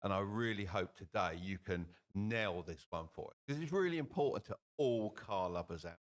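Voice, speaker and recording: A man's voice: fairly low pitch, animated, normal speed. A man co-hosting a podcast, asking questions in an easygoing, teasing way and laughing readily. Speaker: podcast co-host, interviewer. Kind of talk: podcast interview.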